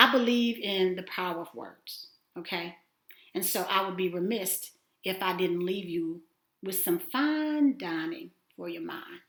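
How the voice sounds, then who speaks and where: Animated woman coaching, roomy echo. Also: fairly low pitch. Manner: encouraging, animated, loud swings to near-whispers. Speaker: self-affirmation coach. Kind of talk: casual spoken lesson.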